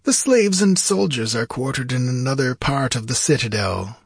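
A man's voice: medium pitch, expressive, creaky, breathy edge, no room sound, studio quality, voice pushed up. Man voicing a sinister gloating sorcerer. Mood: pleasant. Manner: gloating, slow and theatrical. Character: sinister mocking ageless male sorcerer.

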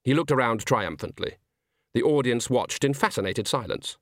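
Clean studio sound with no room sound carries a man's medium-pitched voice as he reads a scripted audiobook. His storytelling is measured and expressive.

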